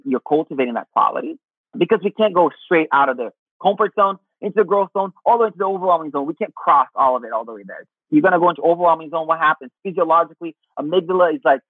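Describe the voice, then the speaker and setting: A man's voice: on the high side, husky, dry recording. A man giving casual spiritual advice, swearing freely and calling the listener honey. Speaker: spiritual teacher. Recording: tinny phone-like sound.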